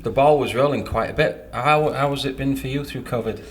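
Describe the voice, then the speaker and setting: A man's voice: mid-range voice, a little fast, far from the mic, a loud crowd. A man hosting a podcast, welcoming a guest musician and chatting casually. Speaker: podcast host.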